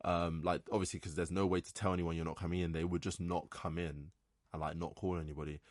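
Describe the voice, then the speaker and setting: Young man, lowish voice, dry close sound, casual sweary podcast storyteller. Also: fast talker, no room sound. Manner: animated ranting, frequent swearing and "like". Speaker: podcast host.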